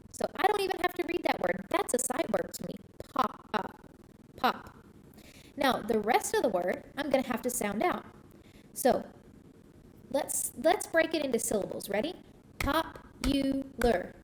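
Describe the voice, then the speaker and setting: A woman's voice: on the high side, a little hiss or hum. A woman teacher giving a patient phonics lesson to young children, sounding out the parts of words.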